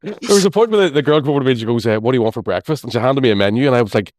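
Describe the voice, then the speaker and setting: A man's voice: mid-range voice, expressive, very fast, a little mellow. A Northern Irish man, a comedian guest, telling swearing, laugh-filled stories in casual podcast chat. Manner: swearing storyteller, laughs through his tales.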